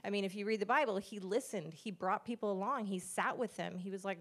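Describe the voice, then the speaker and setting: A woman's voice: mid-range voice, fast talker, hardly any pauses, fairly bright tone. A middle-aged woman, a pastor's wife, giving an earnest, conversational testimony at church and acting out the dialogue she quotes.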